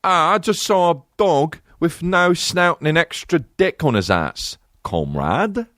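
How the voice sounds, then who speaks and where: A shrill, panicky Soviet man shouts his alarm at a comrade in a high voice, all jumpy and overdone. A man puts him on in a comic bit. It sounds close and dry. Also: very animated, a little slow, dry recording. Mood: panicked. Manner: loud, frantic, exaggerated.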